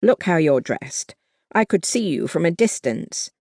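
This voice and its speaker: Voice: medium pitch, very animated, a little slow, darkish tone, no room sound. An audiobook narrator voicing a stern, protective young man who speaks in clipped phrases, in a dry, close recording.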